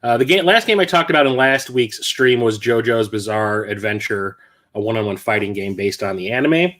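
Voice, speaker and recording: A man's voice: fairly low pitch, animated, moderate pace, a bit bright. A man hosting a casual live stream from his apartment, out of breath and rambling with frequent self-corrections. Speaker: host. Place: home apartment.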